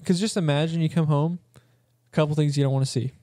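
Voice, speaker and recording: A man co-hosts a podcast in casual chat, rambling and joking with frequent laughs. He talks fast in a warm, fairly high voice with fairly even intonation, and the recording is dry with clean studio sound.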